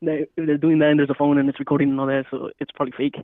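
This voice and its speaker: A man's voice: on the high side, level tone, racing, dry recording, narrow, tinny audio. A man co-hosting a podcast in casual chat, laid-back, often checking that he has explained himself right. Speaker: podcast co-host.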